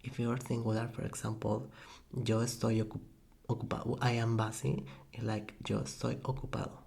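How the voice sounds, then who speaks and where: A man giving a soft-spoken ASMR language lesson into a desk microphone, halting and correcting himself often, with soft laughs. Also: mid-range voice, little pitch movement, gravelly. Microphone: USB desk microphone.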